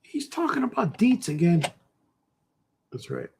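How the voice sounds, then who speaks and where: A man's voice: medium pitch, measured pace, a little mellow, husky. A man, a cartoonist, chatting casually while he draws, rambling playfully and joking to himself. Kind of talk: casual chat while drawing.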